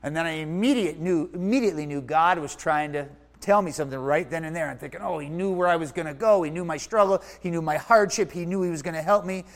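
A man telling his story in a sermon, acting out his own thoughts and swinging from loud to hushed. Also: on the high side, fast, few pauses. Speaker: preacher. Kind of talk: sermon testimony.

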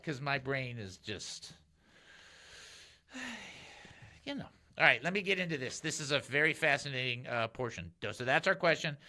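Very bright, animated male radio host. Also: a little high. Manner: animated, chatty, laughs easily. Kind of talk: call-in Christian radio talk.

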